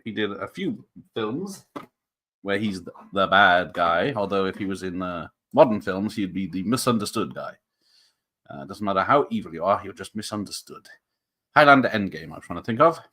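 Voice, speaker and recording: A man's voice: low voice, expressive, normal speed, pushed and bright. A man hosting a live stream and chatting casually, rambling and reading out viewer comments.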